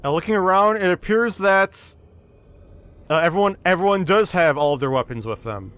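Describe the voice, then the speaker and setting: A man running a tabletop game as game master, narrating scenes in an unhurried, descriptive way. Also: high voice, lively intonation, fairly bright tone, clean tone, no room sound.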